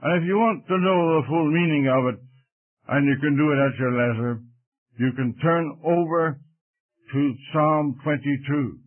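A man preaching a sermon, slowly and deliberately, quoting King James scripture. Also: fairly high pitch. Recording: tinny phone-like radio broadcast.

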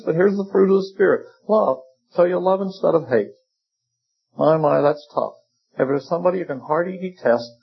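A man's voice: fairly high pitch, gravelly, breathy edge. An older man preaching a sermon in a folksy, wry way, with humorous asides about his seminary teaching. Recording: dull lo-fi recording.

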